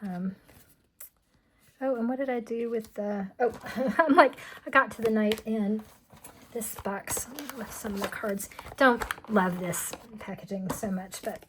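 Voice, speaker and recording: A woman casually showing tarot decks, chatty and rambling with many ums and restarts, often dropping to a soft murmur. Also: medium pitch, slight background noise. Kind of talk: casual show-and-tell.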